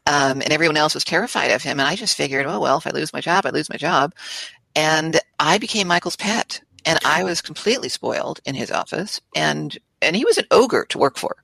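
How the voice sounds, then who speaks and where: An older woman recounting her career as an interview guest, in a lively, anecdotal way with quoted voices. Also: low voice, vocal fry, slightly rough, no room sound. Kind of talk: storytelling in conversation.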